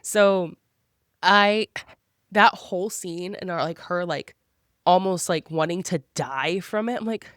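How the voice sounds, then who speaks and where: A woman co-hosting a book club podcast in casual chat, animated and slipping into quick character voices as she talks. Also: on the low side, no echo, clean studio sound. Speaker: podcast co-host.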